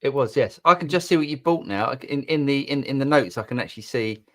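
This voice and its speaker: A man's voice: medium pitch, animated, quick pace, bright, forceful tone. A British man co-hosting a live chat show, chatty and rambling, with restarts. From Britain. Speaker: co-host. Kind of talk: casual live-stream chat.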